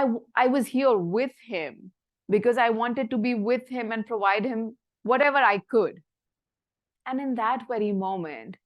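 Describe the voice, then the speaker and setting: A woman physician giving an earnest, reflective talk about her practice, speaking in measured phrases that soften almost to a whisper at tender moments. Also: medium pitch.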